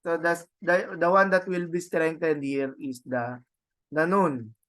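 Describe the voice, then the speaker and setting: A man with a Filipino accent teaching a Greek grammar lesson, halting and repeating words, often adding "no?" to check on students. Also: a little high, steady tone, fairly bright tone. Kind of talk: classroom lecture.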